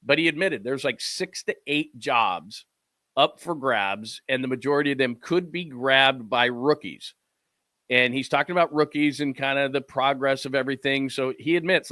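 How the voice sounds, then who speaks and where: A man with a bright, forceful voice hosting a casual sports show, talking his audience through practice clips. He rambles, fumbles with his files, and slips into quick impressions of the coaches and players. The sound is dry and close. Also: medium pitch, dry recording. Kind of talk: casual live-stream commentary over video clips.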